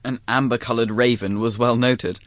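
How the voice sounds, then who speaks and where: A man's voice: medium pitch, fairly even intonation, normal speed, no echo, close to an everyday voice. An actor playing a witty, lovesick young nobleman who mocks his friends. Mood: mocking. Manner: wry, mocking. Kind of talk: stage acting in verse.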